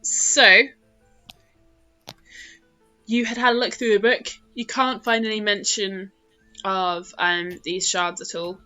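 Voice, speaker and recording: A British woman narrating a tabletop game as game master, telling the scene in a lively way and shouting small character lines in a high voice. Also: slow pace, pauses often, smooth, faint music behind.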